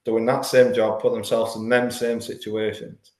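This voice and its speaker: A man in his forties, a life coach appearing as a podcast guest, speaks candidly and earnestly in a conversational interview, often repeating words as he restarts his thoughts. His voice is on the low side and a little mellow, with little pitch movement and a moderate pace, in a roomy echo.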